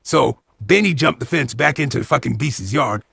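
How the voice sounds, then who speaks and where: A man's voice: medium pitch, lively intonation, normal speed, creaky, fairly bright tone, slightly rough, no echo, studio quality. A man retelling a movie plot as comedy, swearing constantly in loose slang and acting out the characters' lines. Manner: heavy swearing, slangy retelling with acted-out quotes. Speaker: movie recap host. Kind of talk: profane comedic movie recap.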